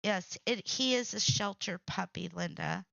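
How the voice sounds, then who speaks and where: A middle-aged woman talks slowly and easily in a low, gravelly voice, reading out viewer comments and chatting as she goes. She laughs often and repeats herself. The recording is dry and a little dull in tone. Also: fairly bright tone, dry recording. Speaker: host of a crafting livestream.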